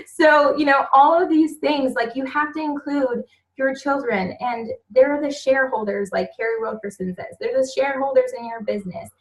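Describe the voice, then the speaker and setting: A mother speaking on a motivational coaching call, earnest and heartfelt, soft-spoken and chatty. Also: high voice, moderate pace, low-quality recording.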